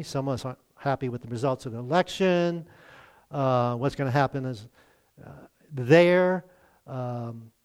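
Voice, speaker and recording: A male pastor delivers a sermon in an easygoing, conversational way. His voice sits a little high for a man. He chuckles often and slips into the voices of the people he quotes.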